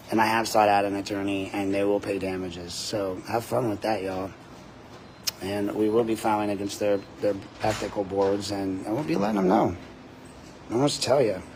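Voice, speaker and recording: A man hosting a livestream from a body-worn camera, ranting in a loud, deep voice, combative and profane. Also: slight background noise. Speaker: host, citizen journalist. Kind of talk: livestreamed rant. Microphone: body-worn camera mic.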